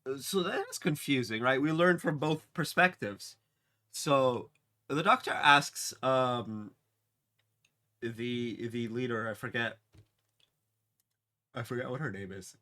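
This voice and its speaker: A man talks through a TV episode in a loose, unscripted recap. He speaks slowly and often stops to restart his sentences with ums and uhs. His voice has a bright, forward edge. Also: medium pitch. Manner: rambling, many fillers and restarts. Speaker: TV episode reviewer. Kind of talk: casual spoken episode recap.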